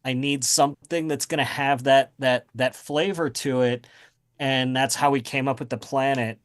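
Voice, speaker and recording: A man's voice: medium pitch, steady tone, moderate pace. Rambling man with lots of ums. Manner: rambling, many fillers and restarts. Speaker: guest author. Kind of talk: casual interview chat.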